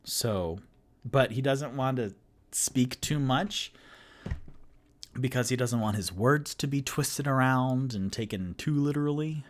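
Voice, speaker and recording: A man's voice: medium pitch, unhurried. Chatty man reading stream chat. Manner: chatty, laughing, stalling while reading chat. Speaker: host and dungeon master. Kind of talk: casual live-stream chat.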